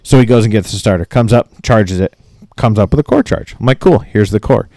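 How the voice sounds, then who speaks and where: This podcast co-host is a man in his late thirties from Maine, telling a profane story and acting out both sides of it. His voice is on the low side and warm, and he talks fairly quickly. The recording is dry, with clean studio sound, as he rants and swears constantly.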